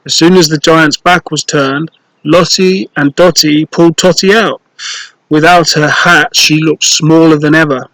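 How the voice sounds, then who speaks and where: Storyteller reading a children's book: slightly high male voice, very unhurried, playful. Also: fairly even intonation, a bit bright, no echo, low-quality recording. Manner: slow, clear and playful, with rhymes.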